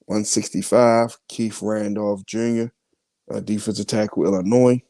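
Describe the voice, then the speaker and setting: A man hosting a podcast, reading out his mock draft picks in a casual, halting way with many fillers. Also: lowish voice, steady tone, mellow, dry recording. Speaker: podcast host.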